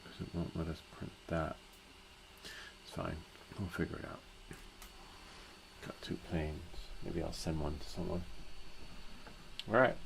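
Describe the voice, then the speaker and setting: A man's voice: low-pitched, creaky, slight background noise, rough recording. A man hosting a live stream, chatting casually and rambling, laughing easily.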